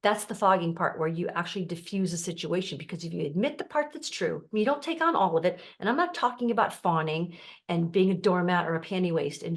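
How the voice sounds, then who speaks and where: Middle-aged woman coaching, calm and explaining, slightly low voice. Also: brisk. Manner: calm, explanatory, acts out quoted family voices. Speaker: life coach. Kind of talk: teaching to camera.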